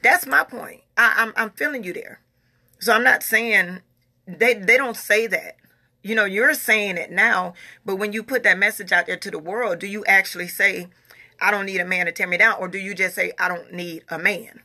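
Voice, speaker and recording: A woman vlogger in her forties offers casual opinions while answering viewer comments, with emphatic delivery, repeated phrases and Southern American informal grammar. Her voice is medium-pitched, pushed and bright, at a moderate pace.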